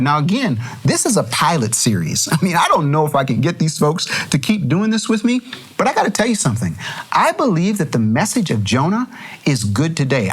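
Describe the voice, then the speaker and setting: Male Bible study host with a lively, up-and-down delivery; chuckling, conversational teacher. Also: high-pitched, husky. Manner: animated, chuckling, restarts mid-thought.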